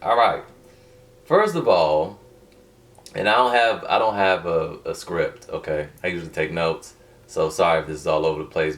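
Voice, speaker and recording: A man with a lowish voice chatting loosely to camera, wandering off into side stories and slang. He sits a bit back from the mic, so the sound is slightly distant. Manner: rambling, colloquial, digressive. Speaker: vlogger. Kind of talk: casual unscripted vlog.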